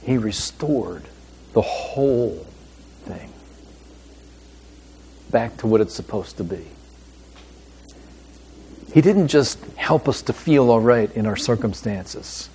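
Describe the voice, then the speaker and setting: A man preaching a sermon as pastor, with a deliberate, emphatic delivery and pauses. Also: mid-range voice, lively intonation, darkish tone, a little hiss or hum.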